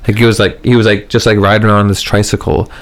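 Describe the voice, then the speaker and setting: A man's voice: on the low side, little pitch movement, fast. A man telling a long story in casual podcast chat, rambling and full of fillers, swearing casually.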